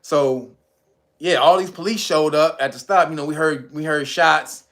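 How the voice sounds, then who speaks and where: A man quoting a shaken young guy, hushed. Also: a little high, moderate pace. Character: shaken young man retelling what he saw.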